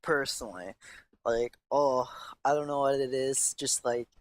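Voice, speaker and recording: A man hosting a laid-back podcast, talking in an unhurried, drawn-out way at a middle pitch. His speech is halting and slangy, stuffed with fillers, and full of restarts as he thinks out loud. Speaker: podcast host. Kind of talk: rambling casual chat.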